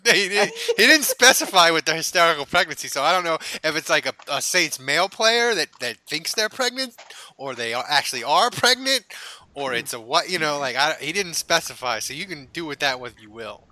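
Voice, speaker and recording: A man's voice: a little high, very animated, a little fast, sharp tone, low-quality recording. A man hosting a casual sports podcast, chatting loosely and laughing with his co-hosts. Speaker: podcast host.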